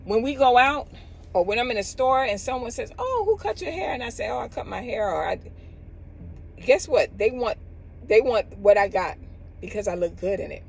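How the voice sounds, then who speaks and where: A woman's voice: a little high, moderate pace, gravelly, husky, low-quality recording. A middle-aged woman, a cosmetologist giving casual advice outdoors and acting out other people's lines as she talks. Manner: animated, acts out others in quotes.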